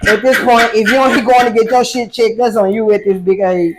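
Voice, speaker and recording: A woman's voice: a little high, steady tone, a little fast, heavy background noise. Tipsy, brash woman emcee. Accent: St. Louis. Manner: brash, laughing, profane. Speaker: guest emcee. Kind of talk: casual podcast chat.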